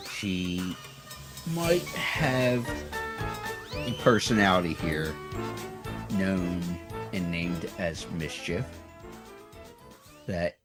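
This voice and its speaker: A man's voice: low-pitched, extremely slow, pauses often, music in the background. A man hosting a podcast interview, introducing his guest with a showy carnival-barker delivery. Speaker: podcast host.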